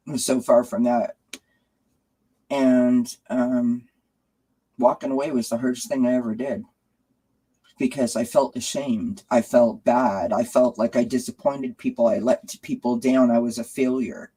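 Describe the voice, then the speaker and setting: A woman's voice: a bass voice, fairly even intonation, a little slow, dark tone, slightly rough, poor audio. Chatty woman talking on a live stream. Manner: chatty, many fillers, coos at her cats. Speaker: tarot channel host.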